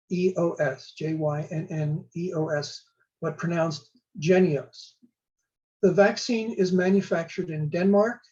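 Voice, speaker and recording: Older man, dark lo-fi explainer. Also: high voice. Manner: measured, slow spelling out of terms. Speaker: public health law professor. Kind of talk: prepared explainer talk.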